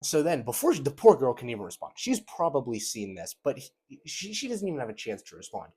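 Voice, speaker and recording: A young man hosting a casual commentary video, sarcastic and animated as he reacts to messages and mocks them. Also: medium pitch, a little fast, husky.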